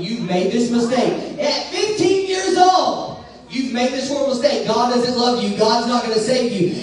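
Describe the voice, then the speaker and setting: A male pastor preaches a sermon in a large church sanctuary, shifting from soft, quick storytelling to loud, drawn-out, high calls. The recording is very echoey, as if the church is heard from far off.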